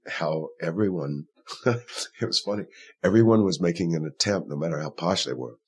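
A man with a very deep, husky voice talks over his stage work in an interview. He is thoughtful and rambling, with plenty of fillers and restarts. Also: moderate pace. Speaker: actor in the play. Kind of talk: conversational interview.

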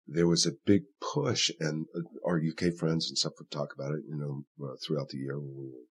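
A man with a very deep, husky voice talks over his stage work in an interview. He is thoughtful and rambling, with plenty of fillers and restarts. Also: steady tone, a little fast. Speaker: actor in the play. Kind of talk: conversational interview.

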